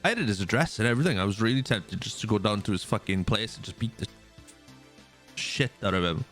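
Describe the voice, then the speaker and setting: A man's voice: lowish voice, fast talker, faint music behind. Man in his thirties, venting. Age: 30s. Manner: animated venting, heavy swearing. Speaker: streamer. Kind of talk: casual livestream storytelling.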